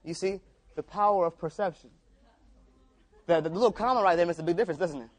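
Man, preacher, storytelling sermon, casual, repetitive, high voice. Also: fast talker.

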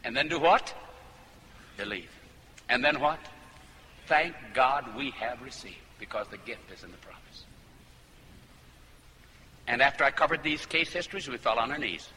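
A man's voice: medium pitch, animated, moderate pace, long pauses, sharp tone. A man preaching a fervent sermon that builds to emphatic peaks. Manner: fervent, rising to emphatic climaxes. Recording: hall reverb with faint noise.

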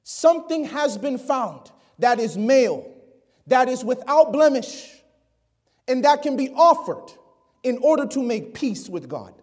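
Preaching at an unhurried pace in a very high-pitched, very animated voice, a man reads from scripture and asks his congregation questions. For emphasis he frequently sinks into a hushed, almost whispered tone.

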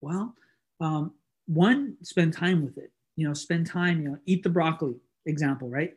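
A male preacher with a fairly high voice gives a loose, conversational sermon. He leans on fillers and acts out the bits of dialogue he quotes. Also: animated, moderate pace, breathy edge.

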